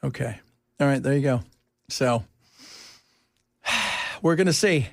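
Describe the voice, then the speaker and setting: A man's voice: medium pitch, slow, vocal fry, no echo. A man hosting a radio talk show, joking and sarcastic in casual banter. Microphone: studio mic.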